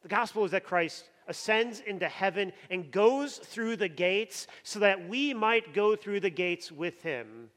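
A man's voice: high voice, animated, unhurried, hardly any pauses, fairly bright tone. A man preaching a sermon with emphasis, often repeating words as he builds up. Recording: long hall reverb.

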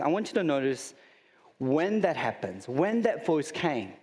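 A man's voice: on the high side, very animated, measured pace, a little mellow, long reverb tail. A man with an Australian accent preaching a sermon in a conversational way, with rhetorical questions and humorous asides. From Sydney, Australia. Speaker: pastor.

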